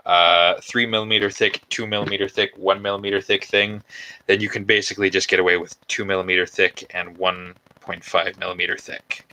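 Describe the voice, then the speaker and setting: A man's voice: sits low, bright, forceful tone, rough recording. A man chatting casually on a livestream while he builds a costume by hand, rambling and chatty with lots of fillers. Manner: talks while working with his hands. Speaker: cosplay maker streaming his build.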